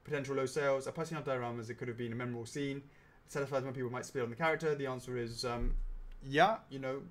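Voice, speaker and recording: This host talks very fast in a mid-range, fairly even voice, reading out questions during a casual Q&A. He's rambling and jokey, laughing frequently along the way.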